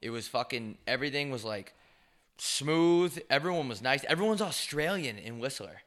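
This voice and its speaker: A young man trades crude jokes and rambling stories with his co-host, his voice bright and forceful. He talks in loose, animated casual chat. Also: medium pitch, normal speed. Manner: crude, joking, animated storytelling. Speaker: podcast co-host.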